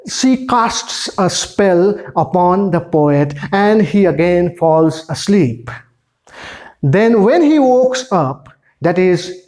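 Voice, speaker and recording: Unhurried teacher, patient and repetitive, mid-pitched. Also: a little mellow. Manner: slow, repetitive explaining with restarts. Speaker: English teacher. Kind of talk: classroom poem explanation.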